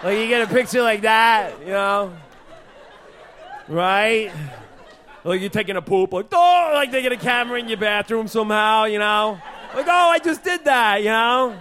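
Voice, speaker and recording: Picture a loud, hammy cousin from Staten Island trying out stand-up, as a man puts him on. He talks, pitched much higher than the performer's own voice, and keeps baiting the crowd. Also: lively intonation, normal speed, slight background noise. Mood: brash. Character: brash male cousin from Staten Island doing clumsy stand-up.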